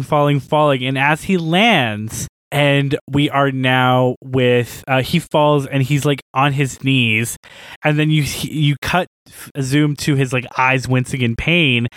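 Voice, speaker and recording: A man thinks out loud while brainstorming a story, rambling and animated. His voice sits in an ordinary middle range. The recording is dry and close, with no room sound. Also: mid-range voice, no room sound. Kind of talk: casual creative brainstorming.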